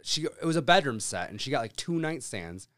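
Smooth-voiced man telling a rambling story. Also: mid-range voice, brisk, no room sound, clean studio sound. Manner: rambling, profane, animated anecdote telling. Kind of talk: casual storytelling chat.

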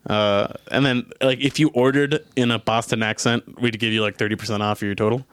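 A man's voice: on the low side, fairly quick, smooth, no room sound, clean studio sound. A young man chatting casually as a podcast co-host, joking and laughing often. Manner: jokey, laughs often, animated bursts. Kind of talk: casual chat.

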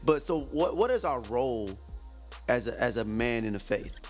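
A man hosting a casual faith podcast, talking in an animated, rambling way with many restarts and frequent laughs. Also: medium pitch, normal speed, over music. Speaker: podcast host.

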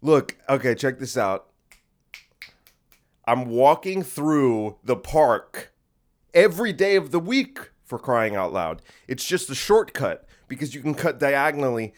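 A man's voice: medium pitch, very animated, measured pace. Comedic male podcaster, rambling solo rant, direct to listener. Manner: rambling, combative, talking to the listener. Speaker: podcast host. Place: home room in a creaky chair.

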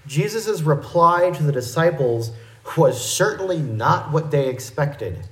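A man's voice: on the high side, expressive, fairly bright tone. Man preaching in an echoey room. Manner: measured, explanatory teaching delivery. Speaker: pastor. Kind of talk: expository sermon.

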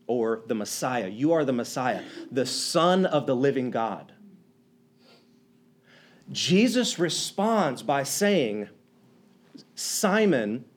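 A man preaching a sermon, retelling scenes with animated storytelling and acting out the quoted lines. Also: fairly high pitch.

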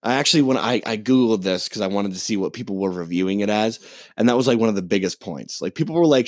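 A man co-hosting a podcast, ranting in a casual, profane and animated way as he retells a movie plot. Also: on the low side, fast, no echo, studio quality. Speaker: podcast co-host. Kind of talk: casual chat.

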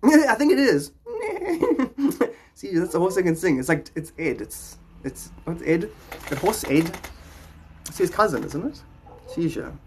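A man's voice: a little high, big pitch swings, normal speed, darkish tone, breathy edge. A man hosting a podcast, rambling in a jokey, philosophical way. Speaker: podcast host. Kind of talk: rambling casual talk.

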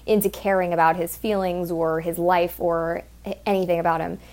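A woman's voice: flat delivery, normal speed, darkish tone. Woman venting about her dancing job, cusses a lot, voice jumps up when shes annoyed. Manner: profane, exasperated, swearing often; ranting with sudden pitch jumps. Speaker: exotic dancer telling a work story. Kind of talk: casual storytelling monologue.

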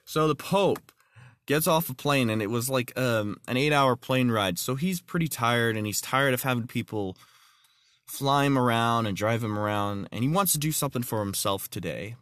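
A man's voice: medium pitch, moderate pace, a bit bright, dry recording, clean studio sound. A man hosting his own podcast, talking earnestly and plainly and telling jokes. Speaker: podcast host. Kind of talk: casual podcast monologue.

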